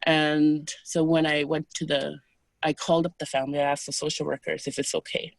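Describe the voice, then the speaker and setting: A woman as an interview guest, calmly recounting personal experiences in a soft, unhurried, hesitant way. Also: low voice, creaky, no room sound. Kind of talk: personal storytelling in conversation.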